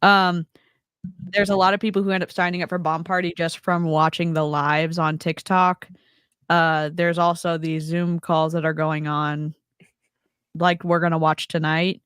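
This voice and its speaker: A woman's voice: on the low side, little pitch movement, measured pace, a bit bright, clear, resonant tone, no room sound, studio quality. A woman hosting a casual chat on a video call, talking in a chatty way with lots of fillers. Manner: chatty, laughs often, filler-heavy. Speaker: host.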